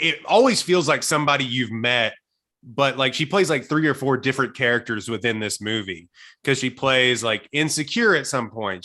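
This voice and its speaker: A man's voice: mid-range voice, pushed and bright. A young man co-hosting a casual podcast, telling long rambling stories and laughing often. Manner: rambling storyteller, laughs a lot. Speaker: podcast host.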